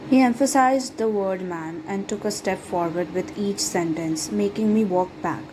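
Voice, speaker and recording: A woman reading a first-person romance story aloud in a dramatic, lovestruck manner, over steady background noise. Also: mid-range voice, moderate pace. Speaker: fan fiction reader.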